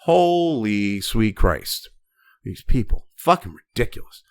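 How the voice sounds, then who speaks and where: A man angrily ranting and cursing as he reads news items aloud, breaking off into loud outbursts. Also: lowish voice, takes it slowly, dry recording, clean studio sound. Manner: angry, swearing constantly, swinging between flat reading and loud outbursts. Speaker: commentator reading and reacting to news. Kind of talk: profane political rant over news reading.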